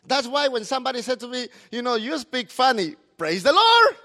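A middle-aged man, a pastor preaching a sermon in a lively, talkative way. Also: very high voice, brisk, gravelly.

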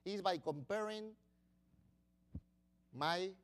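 A man preaching a sermon, swinging between loud bursts and quiet asides. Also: high-pitched, drawn-out words. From Latin America.

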